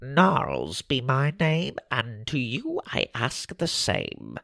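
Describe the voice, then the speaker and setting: Guy putting on a nasal gravelly little gnome, talks in rhymes all backwards, sing-songy up and down, storybook vibe. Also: mid-range voice, wildly swooping pitch, takes it slowly, fairly bright tone, dry recording, studio quality, full character voice. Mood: cryptic. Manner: speaks in rhymes with inverted word order. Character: small mossy forest gnome man, riddling, cryptic. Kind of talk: storybook character voice.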